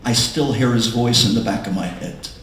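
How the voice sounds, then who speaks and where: A young adult man, a rabbi giving an inspirational talk, telling his story dramatically and swinging from hushed tones to shouts. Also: mid-range voice, moderate pace. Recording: echoey hall with faint room noise.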